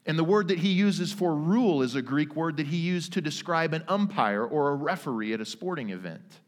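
A man in his thirties preaching a sermon, earnest and emphatic, with dramatic pauses. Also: a little high, animated. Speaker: pastor. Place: church sanctuary. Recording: long reverb of a church hall.

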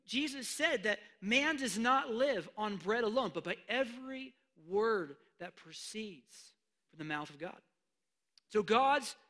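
Bright-voiced, animated male preacher. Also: sits high. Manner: animated, swings between hushed asides and loud emphatic declarations. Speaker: pastor. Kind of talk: sermon.

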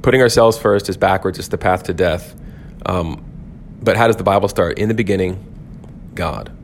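A man with a fairly low voice teaches scripture on a podcast in an earnest, reflective way. He often stops partway through a sentence and starts it again. A faint low rumble sits under the recording. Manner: earnest, thoughtful, with frequent restarts and fillers. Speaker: podcast host, pastor.

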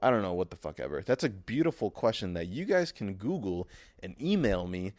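A young man hosts his own podcast alone, rambling crude and sarcastic with plenty of swearing. His pitch jumps around a lot as he talks. The sound is dry and close, with no room echo. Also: very animated, a little fast. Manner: crude, sarcastic, profane, swings into mock shouting. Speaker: podcast host. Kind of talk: solo comedic podcast rant.

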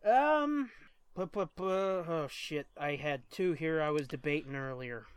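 A man's voice: on the high side, animated, measured pace, smooth. A man co-hosting a podcast in casual chat, joking and swearing freely, easily sidetracked. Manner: profane, joking, easily distracted. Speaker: podcast co-host.

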